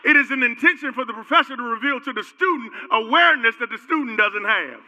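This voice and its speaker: A man preaching a sermon as pastor, calling on the congregation to answer back and building from quiet to loud fervor. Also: lively intonation, fast talker, few pauses, dull audio. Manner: call-and-response preaching, builds from low and quiet to loud and fervent. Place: church sanctuary. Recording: long hall reverb, church sanctuary.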